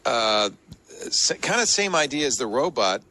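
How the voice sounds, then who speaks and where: A man hosting a casual tech chat, telling stories in a joking, lively way. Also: mid-range voice, normal speed. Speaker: tech podcast host.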